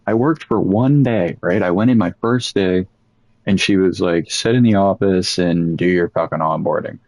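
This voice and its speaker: A young man casually telling a rambling, profane story about old jobs, animated as he quotes people. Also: deep voice, normal speed, no echo, rough recording.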